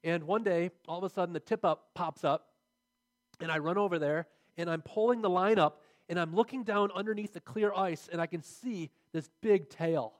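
A man's voice: high-pitched, normal speed. A man preaching a sermon, earnest and building to emphatic, repeated phrases as he drives his points home.

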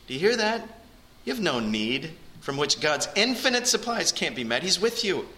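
A man's voice: fairly high pitch, very animated, normal speed, hardly any pauses, pushed and bright. A man preaching a sermon as a pastor, earnest and rising in emphasis on key phrases.

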